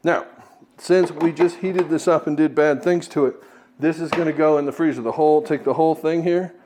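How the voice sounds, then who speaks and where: Give me a man with a slightly high voice teaching a casual, jokey cooking lesson in his kitchen. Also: fairly even intonation, a little fast, darkish tone, slight background noise. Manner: jokey, chatty, self-deprecating asides. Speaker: cooking video host. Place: home kitchen.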